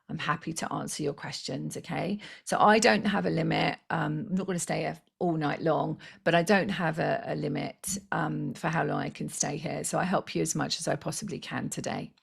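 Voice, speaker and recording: A woman with a low, deeply gravelly voice guides a meditation for a live online group. She speaks slowly and soothingly into a close microphone, with fillers here and there. She says she is losing her voice. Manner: soft, slow and soothing, with fillers. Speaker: spiritual healer leading a live online session.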